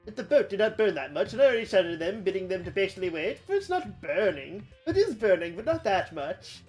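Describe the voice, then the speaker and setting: A woman's voice: medium pitch, sing-song, a little fast, a little mellow, faint music behind, close to an everyday voice. A woman voicing a rambling, boastful old ferryman in a video game, telling his tale in old-fashioned speech. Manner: rambling archaic storytelling.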